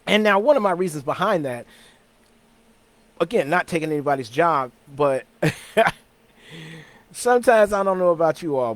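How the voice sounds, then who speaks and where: A man's voice: fairly high pitch, no echo. A man hosting his own weekly talk show, chatting casually in an easygoing, rambling way with frequent restarts and repeated words. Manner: chuckles between thoughts. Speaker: host of a weekly talk stream.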